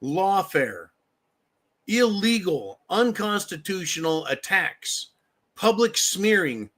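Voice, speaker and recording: Man, live stream host, fired up, profane, repetitive, bright forceful voice, slow deliberate delivery. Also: sits high, very animated. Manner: fired up, profane, repetitive, addresses viewers as folks. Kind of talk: political live stream monologue.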